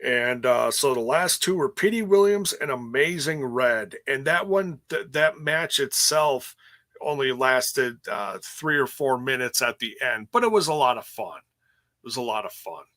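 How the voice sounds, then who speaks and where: Bright-voiced, easygoing male podcast co-host. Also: mid-range voice, animated, measured pace. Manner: easygoing, recaps with many fillers. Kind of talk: casual chat reviewing wrestling shows.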